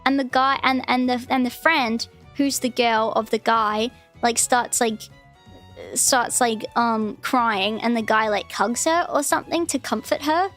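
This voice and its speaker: A woman's voice: fairly high pitch, measured pace, fairly bright tone, soft background music. A young woman streamer ranting casually, swearing often and mocking people in exaggerated voices. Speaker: VTuber streamer.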